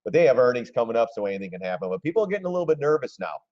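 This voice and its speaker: A man hosting a casual live stream, commenting on stock charts in an excitable, gleeful way and often clearing his throat. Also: mid-range voice, racing, lo-fi sound. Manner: excitable, gleeful when shorts pay off, throws in mocking voices.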